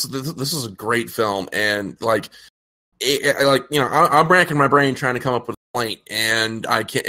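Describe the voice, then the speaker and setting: Male podcast host and critic, bright forceful tone, rambling casual delivery with stammers. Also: medium pitch. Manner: rambling, stammers and repeats words. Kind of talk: casual chat.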